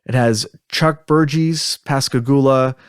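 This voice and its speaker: A man's voice: medium pitch, slow, clear, resonant tone, dry recording. A man hosting a podcast in casual chat, rambling and chuckling, a little self-deprecating, on a close mic. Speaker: podcast host.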